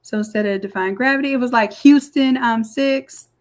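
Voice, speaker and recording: A woman walking through a design software tutorial step by step in a chatty, explaining way. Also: fairly high pitch, normal speed. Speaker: design instructor. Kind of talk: screen-recorded software tutorial.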